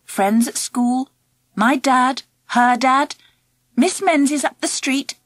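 A woman narrating a children's audiobook in the first person, expressive and animated. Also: high voice, takes it slowly, no room sound. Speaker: audiobook reader.

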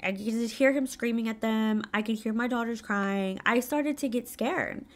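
A woman's voice: on the high side, normal speed. A woman in her thirties candidly telling a painful personal story in a casual vlog, full of fillers and emotion. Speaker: vlogger. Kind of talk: casual storytelling while doing makeup.

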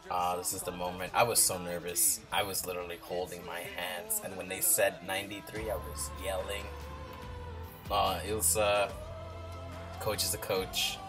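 A man hosting a reaction video, chatting casually and gushing with excitement as he watches. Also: deep voice, moderate pace. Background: music playing from the video.

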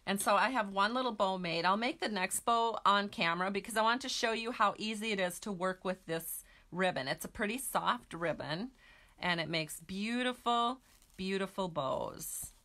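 A woman demonstrates a card-making craft, chatting casually with her viewers while she works. Her voice is medium in pitch and bright, her tone forceful, and her speed normal.

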